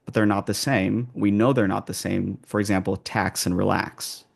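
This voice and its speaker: A low-voiced man giving advice as an accent coach in an interview. His voice is gravelly and sits on the low side. He speaks in a calm, measured way and often pauses and restarts his phrases. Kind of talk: interview answers.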